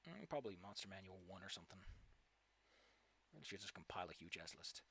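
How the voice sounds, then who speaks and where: A man's voice: sits low, expressive, fast talker, gravelly, sharp tone, slight background noise. A young man streaming a game and talking casually, ranting sarcastically and swearing freely as he plays. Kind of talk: casual gaming stream chat.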